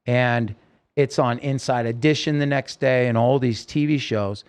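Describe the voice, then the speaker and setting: A man's voice: medium pitch, steady tone, a little slow, clean tone. A man, a singer-songwriter, telling his own story in a podcast interview, earnest and rambling with many restarts.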